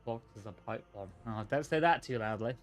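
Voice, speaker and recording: A man with a medium-pitched voice streams a video game, talking briskly as he offers casual gameplay commentary over faint music. He's chatty and profane, thinking aloud, reacting casually, and sometimes reading in-game text.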